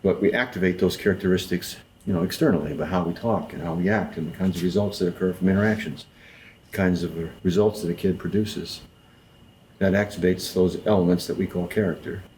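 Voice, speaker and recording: A man speaking thoughtfully in an interview, measured and pausing often with fillers. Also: low voice, fairly even intonation, darkish tone, a little hiss or hum, poor audio. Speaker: interviewee in documentary footage. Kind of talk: reflective interview talk.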